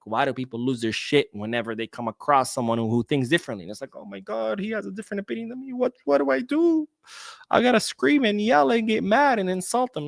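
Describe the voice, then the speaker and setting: A blunt young man hosting a casual podcast, talking freely and swearing as he pushes back on viewer comments. His voice sits in a middle pitch. The sound is dry and close, with no room echo. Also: a bit bright. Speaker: podcast host.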